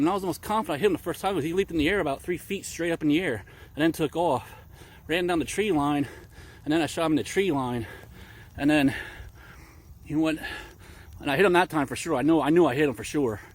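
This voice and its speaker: A man out of breath, rambling and repeating himself as he narrates a hunt to the camera outdoors in thick brush in the rain. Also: fairly high pitch. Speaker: hunting vlogger.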